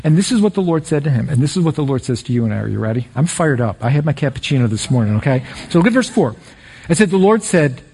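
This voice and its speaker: A man preaching a sermon as pastor, energetic and building to excited peaks. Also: on the high side, fast talker, creaky, husky.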